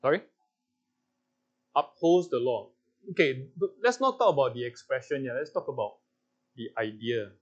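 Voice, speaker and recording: A man's voice: mid-range voice, animated, normal speed, long pauses, breathy edge, lo-fi sound. A man with a Singaporean English accent leading a Bible class, playfully coaxing answers from the group and laughing often. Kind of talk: interactive Bible teaching.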